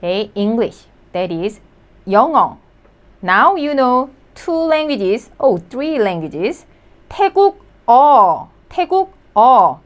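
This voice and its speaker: A woman's voice: fairly high pitch, big pitch swings, unhurried. A woman teaching vocabulary in English, sounding out each syllable and repeating every word. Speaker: Korean language teacher. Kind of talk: slow, clear vocabulary lesson.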